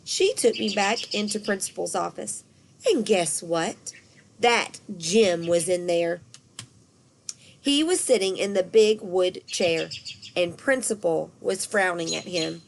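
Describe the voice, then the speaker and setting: Expressive woman reading a kids' story. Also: lowish voice, takes it slowly, vocal fry, a little hiss or hum. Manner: lively, expressive. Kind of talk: children's storybook read-aloud.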